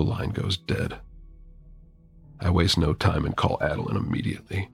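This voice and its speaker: A man's voice: low voice, steady tone, moderate pace, creaky, long pauses, husky, soft background music. A man narrating a first-person horror story with wry, dramatic delivery.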